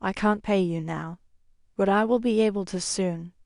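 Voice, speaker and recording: A woman's voice: mid-range voice, moderate pace, gravelly, a little mellow, no room sound, studio quality, close to an everyday voice. A woman voicing a frightened young woman who pleads anxiously for help in an audiobook story. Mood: worried.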